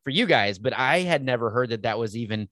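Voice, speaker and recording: Halting male podcast host, dry sound. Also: medium pitch, expressive, sharp tone, dry recording. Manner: halting, restarts and repeats words. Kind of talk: casual interview chat.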